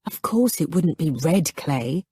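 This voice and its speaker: A woman narrating an audiobook romance novel in a calm, measured storytelling manner. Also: sits low, breathy edge, no echo, clean studio sound. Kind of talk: scripted narration.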